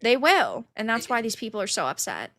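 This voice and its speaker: Female podcast co-host, bright and higher, chatty and giggly. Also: wildly swooping pitch, a little fast, no room sound. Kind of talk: casual chat, reading donations.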